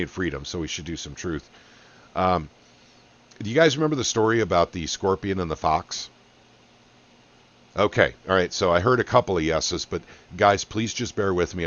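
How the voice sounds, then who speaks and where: A middle-aged man hosting a podcast, giving an impassioned, folksy political monologue that rallies his listeners. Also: low-pitched. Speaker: podcast host. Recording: dull lo-fi audio.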